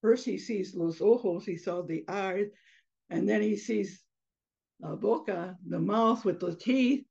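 Expressive woman storyteller. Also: medium pitch, measured pace, creaky, breathy edge. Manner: expressive, mixes in Spanish phrases. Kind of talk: animated oral storytelling. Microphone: video call. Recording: slightly muffled online video call.

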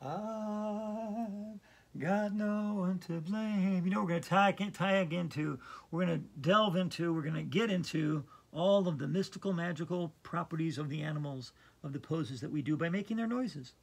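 Silly, gravelly-voiced woman teaching yoga. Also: sits low, a little fast. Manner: silly, chatty, breaks into singing. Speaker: yoga instructor. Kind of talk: playful home yoga lesson. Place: home hallway.

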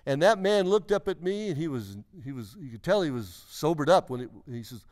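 A man's voice: fairly high pitch, lively intonation, a little fast, darkish tone. A man in his sixties preaching a testimony in church, telling his story earnestly and emphatically, often restarting his sentences. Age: 60s. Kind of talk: sermon testimony.

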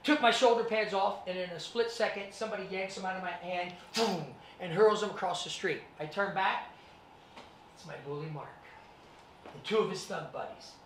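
Speaking at normal speed in a high voice, a man gives students a motivational talk about his life, animatedly acting out moments from it. He is a guest speaker in a presentation room, captured by a distant mic amid echo and slight background noise.

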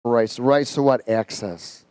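A man preaching a sermon, telling a personal story in a folksy, colloquial way and reading scripture slowly and emphatically. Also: mid-range voice, darkish tone, smooth, no room sound.

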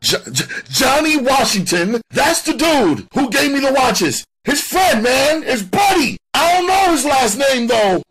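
Terrified young man in an audiobook, stammering panicked shouts, husky edge. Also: very high voice, sing-song, unhurried, few pauses, voice pushed up, full character voice.

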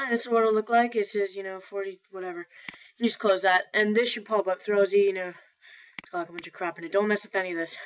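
A woman talking through a software tutorial in a rambling, casual way, often correcting herself. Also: mid-range voice. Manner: rambling, self-correcting, filler-heavy. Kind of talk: casual screen-recorded tutorial. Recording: dull lo-fi mic with faint noise.

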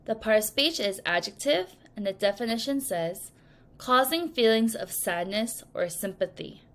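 A woman teaching English vocabulary to children in a recorded lesson, speaking slowly and clearly and acting out example sentences. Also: on the high side, lively intonation. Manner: slow, clear teacherly delivery with acted examples.

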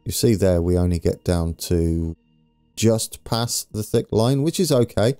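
A man with a low, mellow voice commentating his strategy game play to viewers. He thinks aloud in a chatty, self-deprecating way. Faint game music plays underneath. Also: animated, unhurried, dry recording. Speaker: let's play host. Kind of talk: gameplay commentary.

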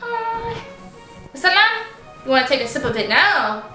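A woman vlogger unboxing toys in a casual, gushing and excitable way, chatting to her stuffed animals as she goes. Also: sits high, fast. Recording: echoey room with faint music.

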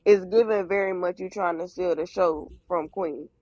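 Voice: mid-range voice, fairly even intonation, normal speed, a little mellow, no echo, muffled recording. A speaker on a livestream berating someone bluntly, with constant profanity. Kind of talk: heated livestream rant.

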